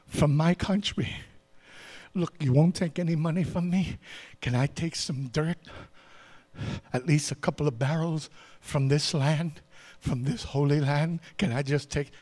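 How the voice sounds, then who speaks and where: Guy preaching, doing a thankful healed general, earnest and pleading, kinda soft. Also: on the high side, unhurried, slightly rough. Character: grateful healed foreign army general, earnest man.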